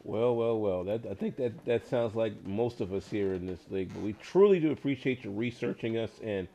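A man's voice: fairly low pitch, brisk, mellow. A man hosting an online hockey league show, enthusiastic and rambling with fillers and repeated words.

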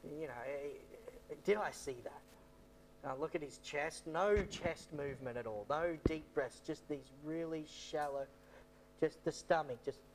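A man's voice: a little high, moderate pace, a little hiss or hum. Rambling man telling a story. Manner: rambling, repeats himself, many fillers. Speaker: missionary. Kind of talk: storytelling testimony talk.

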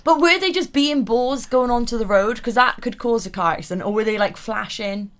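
Woman, radio host, dry playful banter, quick jokes; studio mic. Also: on the high side, smooth. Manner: playful, quick deadpan quips. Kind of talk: casual comedic banter.

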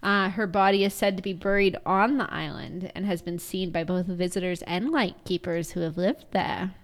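A woman's voice: on the low side, fairly even intonation, moderate pace. Giggly woman telling a story. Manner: giggly, laughs often. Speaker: podcast co-host. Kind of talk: casual storytelling chat.

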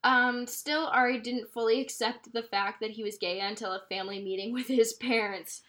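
A woman's voice: a little high, fairly even intonation, moderate pace, sharp tone. A young woman reading passages from a novel aloud and discussing them, stumbling over words as she goes. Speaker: podcast co-host reading aloud.

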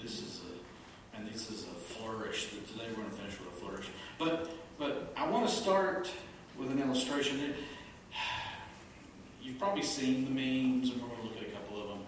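Male pastor, lively humorous sermon, far off in a very echoey hall with room noise. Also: mid-range voice, moderate pace. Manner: animated, laughs at own jokes. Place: church sanctuary.

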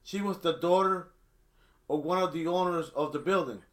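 A man's voice: on the high side, moderate pace. A middle-aged man telling a long story in casual chat, rambling with many restarts. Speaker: storyteller guest.

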